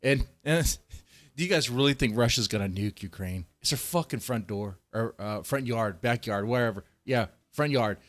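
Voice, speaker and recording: A man from Texas ranting on a livestream, profane and heated, swinging between loud outbursts and low muttering. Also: normal speed. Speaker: streamer. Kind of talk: livestream rant.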